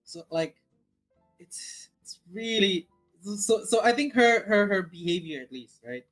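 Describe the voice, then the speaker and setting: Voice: mid-range voice, lively intonation, unhurried, a bit bright, poor audio. A speaker in casual chat who keeps stopping and restarting sentences to lay out opinions. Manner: hesitant, many restarts and fillers. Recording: faint music in the background.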